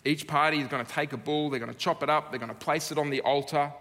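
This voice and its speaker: A man with an Australian accent preaching a sermon, earnest and emphatic, with dramatic pauses. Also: a little high, fairly even intonation, pushed and bright, in a large hall. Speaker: pastor.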